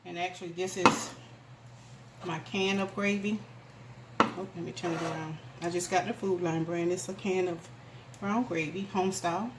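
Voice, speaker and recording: A woman's voice: lowish voice, steady tone, normal speed. Woman, casual cooking vlog, homey and chatty, echoey kitchen, household noise. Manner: homey, chatty, addresses viewers as "y'all". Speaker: home cooking vlogger. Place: home kitchen.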